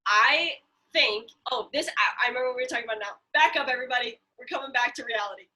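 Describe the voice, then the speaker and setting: Young woman from central illinois, bright high voice, animated, cusses a lot, on a video call. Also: quick pace. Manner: animated, swears freely, gives blunt advice. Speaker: podcast co-host. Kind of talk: casual chat.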